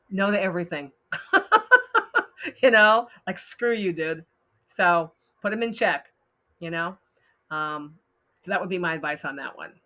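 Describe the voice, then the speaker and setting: Blunt, slow-talking woman with a bright voice. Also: on the low side. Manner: blunt, frank and laughing. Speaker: host giving advice. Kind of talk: casual advice talk reading posts.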